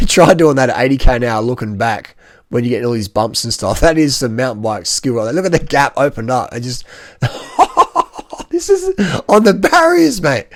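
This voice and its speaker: A man talking casually over race footage, excitable and slangy, with plenty of exclamations. His voice sits at an ordinary middle pitch. It is recorded close and dry, with no room echo. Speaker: cycling vlogger.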